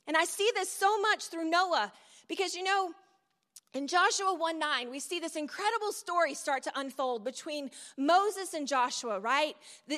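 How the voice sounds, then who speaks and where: A woman's voice: high-pitched, pushed and bright. A middle-aged woman preaching a sermon in a conversational storytelling way, with asides to the audience. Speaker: speaker at a church event. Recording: long hall reverb.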